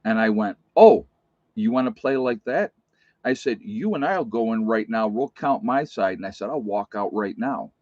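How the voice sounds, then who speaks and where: A man's voice: lowish voice, animated, moderate pace, a little mellow, no room sound. A man who works as a nurse tells stories from his shifts in a blunt, plainspoken, emphatic way, in a casual vlog. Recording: dull, muffled recording.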